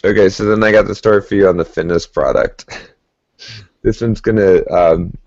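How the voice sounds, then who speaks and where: A man's voice: low-pitched, fairly even intonation, moderate pace, darkish tone, dry recording. A man co-hosting a podcast, telling a rambling story in casual chat and laughing as he goes. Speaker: podcast co-host. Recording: dull lo-fi podcast audio.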